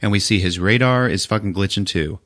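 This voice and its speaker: Speaking a little fast in a fairly low, fairly bright voice, a man on his podcast retells a film's story with profanity. He jumps into goofy character voices to act out the lines.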